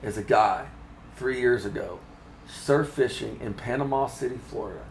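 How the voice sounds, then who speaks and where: A man's voice: medium pitch, moderate pace, gravelly, slight background noise, rough recording. A man hosting a casual chat at a fishing trade show, speaking with eager emphasis. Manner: enthusiastic, emphatic. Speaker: host, fishing magazine editor.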